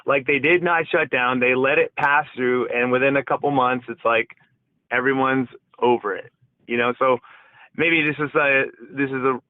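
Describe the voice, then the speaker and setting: A man's voice: medium pitch, steady tone, moderate pace, no echo. A man calling into an online debate, hesitant and rambling, full of fillers. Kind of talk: casual debate. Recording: tinny dry call line.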